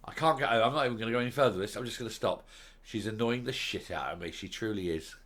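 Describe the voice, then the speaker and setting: A middle-aged man giving furious political commentary on a vlog, hurling insults and mockery with loud outbursts. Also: fairly low pitch, fast talker. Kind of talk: angry ranting commentary.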